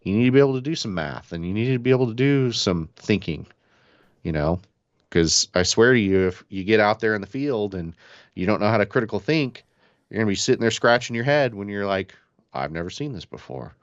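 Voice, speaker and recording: A male podcast co-host with a very low voice who talks earnestly and with emphasis. The recording is dry and a little dull, with the top end muted. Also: fairly quick, no echo. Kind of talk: casual political chat.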